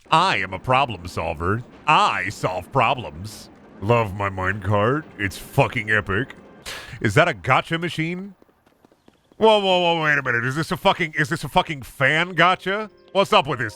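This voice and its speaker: A young man giving casual, excitable play-by-play on a game stream, swearing freely and chatting to himself and his viewers. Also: mid-range voice, normal speed, faint music behind. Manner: excitable, swears a lot, talks to himself and chat. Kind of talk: casual gameplay commentary.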